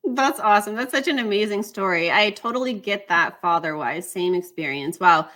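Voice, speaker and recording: A woman's voice: medium pitch, normal speed, pushed and bright. A woman hosting an interview, enthusiastic and affirming toward her guest. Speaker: podcast host.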